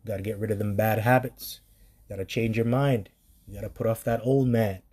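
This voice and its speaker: A man's voice: lowish voice, fairly even intonation, moderate pace, darkish tone. A man preaching on scripture in a blunt, profane commentary style, reading verses aloud and reacting to them.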